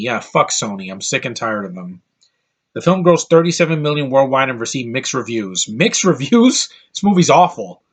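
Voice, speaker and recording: A man's voice: medium pitch, fairly bright tone. A man giving an exasperated, blunt movie review rant, swearing freely and often repeating himself as he talks.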